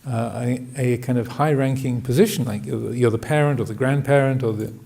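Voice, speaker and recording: A man giving a Buddhist dharma talk, hesitant and full of restarts, often laughing gently. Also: mid-range voice, fairly even intonation, brisk, vocal fry. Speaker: Buddhist monk teaching.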